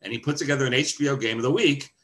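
A man's voice: medium pitch, rapid-fire. An older man, a veteran sportscaster, telling wry stories as a guest on a video call. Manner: wry, animated storyteller. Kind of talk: anecdotal storytelling.

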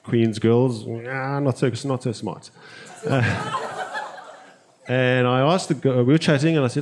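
South african guy at an open mic, stuttery slow-burn delivery, handheld mic on stage. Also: medium pitch, darkish tone, slight background noise. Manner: halting, deliberate stuttering delivery. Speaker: stand-up comedian. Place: comedy club stage.

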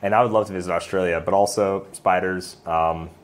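Low-voiced easygoing man chatting. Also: fairly even intonation, brisk. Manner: easygoing, agreeable, jokey. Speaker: podcast co-host. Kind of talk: casual chat.

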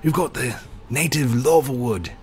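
A man voicing an Australian wildlife documentary narrator in a hushed, measured manner. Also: mid-range voice, slight background noise, pitched above the performer's own voice, natural voice.

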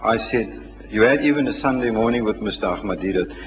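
A man's voice: lowish voice, a little fast. Firm man chairing a lecture. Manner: firm, emphatic, insistent. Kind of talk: moderating a question session. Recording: dull old hall recording with reverb and hiss.

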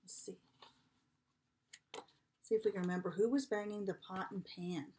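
A preschool teacher reading a picture book aloud to young children, asking them coaxing questions and dropping now and then to a whisper. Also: female voice, mid-range voice, a little hiss or hum. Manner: animated, slow, coaxing questions to children, drops to a whisper at times.

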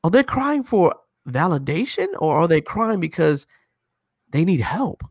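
A man's voice: on the high side, sing-song, measured pace, no echo, clean studio sound. A man hosting a casual podcast chat, talking bluntly and with plenty of profanity. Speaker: show host.

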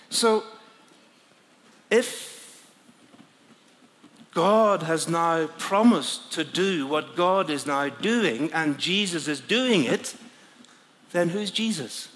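A man's voice: fairly high pitch, lively intonation, very slow, pauses often, a bit bright, big-room sound. A man preaching a sermon as a dramatic first-person story, often hesitating and searching for words. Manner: hesitant, searching for words, with frequent fillers and laughs. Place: large conference hall.

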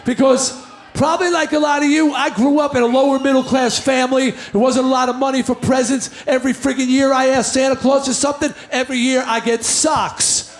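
A man from the New York area telling a stand-up story in a loud, animated, ranting way. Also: very high-pitched, a little fast, a little hiss or hum. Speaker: comedian. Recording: roomy echoing sound.

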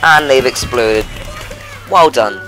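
A man hosting a gaming channel, giving excitable let's-play commentary and yelping and shouting at the game. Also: mid-range voice, slow pace, faint music behind, some chatter behind.

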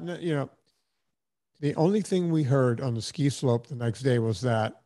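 Steady in tone and mellow, this mid-range male voice moves at normal speed. He is a podcast host in his fifties whose casual storytelling chat rambles along as he acts out the voices of those he quotes.

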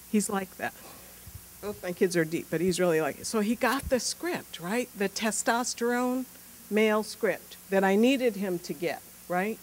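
A woman pediatrician giving a casual, animated conference talk built on personal stories, with frequent fillers. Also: medium pitch, unhurried, poor audio. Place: conference room.

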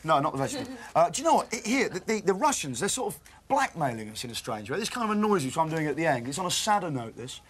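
A man's voice: a little high, big pitch swings, rapid-fire, slight background noise. A British man presenting live breakfast television, reading newspaper puns with playful, mock-indignant banter. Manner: playful, mock-indignant, jumps between bits. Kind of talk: jokey live studio banter.

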